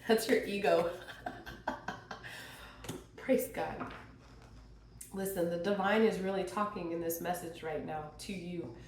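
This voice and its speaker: A woman giving a chatty, expressive tarot reading, her voice worn and hoarse. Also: lowish voice, takes it slowly, long pauses, a little hiss or hum. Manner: chatty, expressive, laughs and sings bits. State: losing her voice, clearing throat. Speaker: tarot reader. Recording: quiet roomy home recording.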